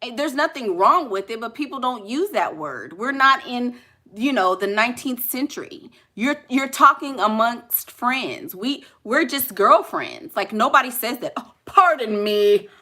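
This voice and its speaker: A woman's voice: on the high side, animated, unhurried, sharp tone. A woman vlogger chatting casually and jokingly with her live viewers, laughing often.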